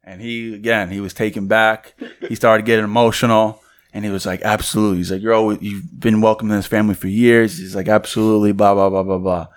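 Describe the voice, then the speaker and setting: A man, co-hosting a podcast, telling a story in animated fashion and acting out what others said. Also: lowish voice, quick pace. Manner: animated storytelling, acts out quotes. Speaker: podcast co-host. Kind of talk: casual chat.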